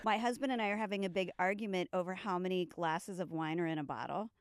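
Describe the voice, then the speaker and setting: A woman's voice: lowish voice, fast, dry recording. A woman guest on a comedy podcast, chatty and self-deprecating. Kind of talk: casual comedy podcast chat.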